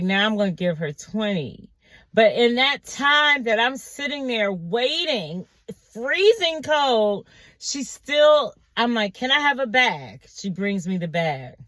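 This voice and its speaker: A woman vlogger telling a story in a casual monologue, animated and exasperated, acting out the quotes in a higher voice. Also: dry recording.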